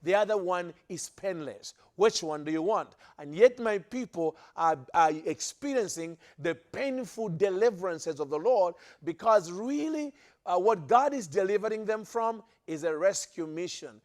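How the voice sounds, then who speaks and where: A man's voice: high-pitched, expressive, measured pace, a little mellow. A man preaching a sermon, emphatic, repeating phrases for stress and often restarting his sentences. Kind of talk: sermon teaching to a listening audience.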